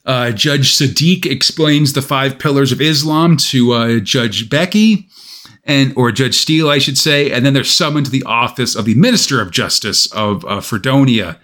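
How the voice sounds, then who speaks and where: A man co-hosting a relaxed podcast chat, walking through a comic's plot. He talks at a middling pitch and breaks the summary with dry, joking asides. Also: moderate pace. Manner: wry asides while recapping. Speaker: podcast co-host.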